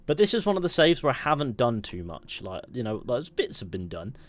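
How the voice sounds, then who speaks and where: Speaking into a headset on a live game stream, a young man chats casually, rambling, restarting sentences and getting excited. His voice is mid-range and his pace a little fast.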